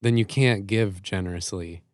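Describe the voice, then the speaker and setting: A man with a fairly low voice chats on a podcast, affirming and upbeat and quick to laugh. The sound is dry and close-miked. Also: dry recording. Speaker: podcast co-host. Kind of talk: casual podcast chat.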